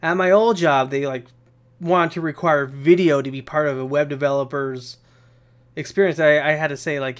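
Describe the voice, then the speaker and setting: A young man hosting a casual live Q&A stream, talking in an energetic, rambling way with casual swearing. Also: a little high, moderate pace.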